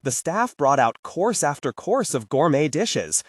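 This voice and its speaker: Expressive male audiobook narrator. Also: a little high, unhurried, no echo. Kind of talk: scripted narration.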